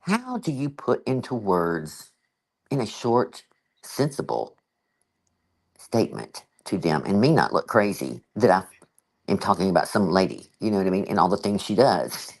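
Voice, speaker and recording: Lively, expressive woman telling a story. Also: extremely low pitch, normal speed, low-quality recording. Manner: animated storytelling, acts out quoted exchanges; frequent "you know" fillers. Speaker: channel host. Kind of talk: casual livestream chat.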